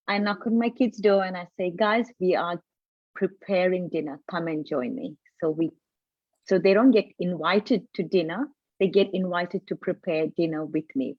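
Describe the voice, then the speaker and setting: A woman's voice: on the low side, no echo. Earnest woman coaching over a dull call. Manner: earnest, explanatory, with frequent restarts. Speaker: parenting coach, host. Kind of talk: casual live video chat. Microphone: video call.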